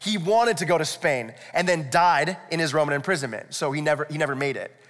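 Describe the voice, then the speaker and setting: A brisk male pastor with a fairly high pitch and fairly bright tone delivers a sermon. The long reverb of an echoey hall surrounds his conversational, explanatory preaching and the rhetorical asides he directs at the congregation.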